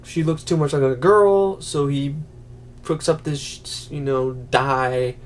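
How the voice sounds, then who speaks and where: A man with a slightly higher voice walks through a film scene by scene in a loose, rambling review. He leans on filler words and briefly acts out the characters' lines as he goes. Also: slow pace, a little hiss or hum. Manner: rambling, many "you know" fillers, acts out quotes. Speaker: movie reviewer. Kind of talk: casual spoken film review.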